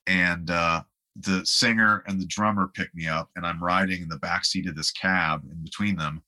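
A man's voice: deep voice, fairly even intonation, normal speed, pushed and bright. A man, a guest musician, telling rambling anecdotes in a casual interview and laughing along the way.

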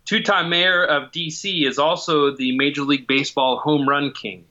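A man in his forties reading trivia questions in a steady, matter-of-fact way during casual podcast banter. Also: on the high side, normal speed, highs cut off.

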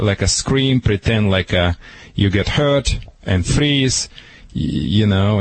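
A man from Russia with a Russian accent, a dog trainer giving animated, punchy advice on a radio show and repeating his key phrases. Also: lowish voice, husky, low-quality recording. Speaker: dog trainer answering a caller. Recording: radio broadcast.

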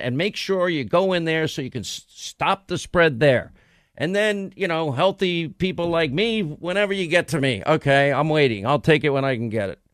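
A man's voice: on the high side, dry recording, studio quality. A middle-aged man hosting a radio talk show, talking bluntly and rambling with many restarts. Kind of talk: casual talk radio monologue.

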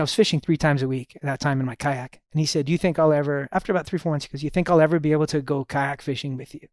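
Middle-aged male guest, relaxed storyteller, fairly high voice, dry sound. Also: rapid-fire, few pauses, no room sound. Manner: relaxed storyteller, sprinkles in "you know". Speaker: podcast guest. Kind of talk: casual storytelling conversation.

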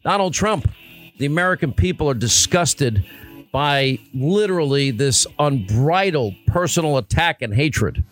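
A man hosting a political talk radio show, punchy and combative with quick asides, on a studio microphone. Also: on the high side, lively intonation, faint music behind.

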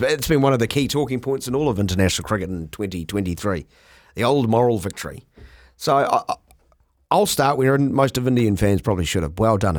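A man hosting a cricket podcast in casual, animated, self-mocking chat. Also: medium pitch, no echo, clean studio sound.

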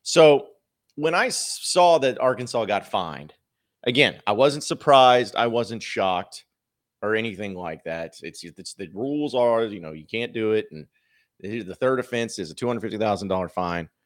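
A man's voice: on the low side, expressive, normal speed. A man hosting a sports podcast, giving opinionated, rambling commentary with plenty of filler words.

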